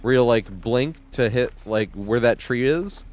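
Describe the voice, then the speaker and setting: A man's voice: mid-range voice, a little slow, a little mellow. A man streaming live gameplay, rambling in casual commentary, swearing and laughing often. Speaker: game streamer.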